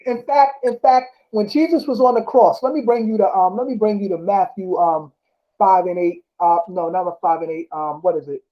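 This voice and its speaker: A man casually talking through scripture. He reads verses aloud slowly, corrects himself often and keeps asking whether the listener follows. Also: high voice. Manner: rambling, self-correcting, often asks "you know what I'm saying?". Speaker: speaker discussing scripture. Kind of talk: casual religious talk, reading verses aloud. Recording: dull lo-fi recording.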